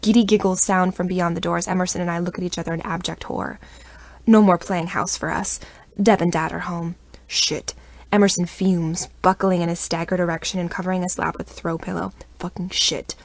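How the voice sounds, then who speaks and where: Woman reading a romance audiobook, low voice with lots of fry. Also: level tone, a little fast, no echo. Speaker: audiobook narrator. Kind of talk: first-person romance audiobook narration.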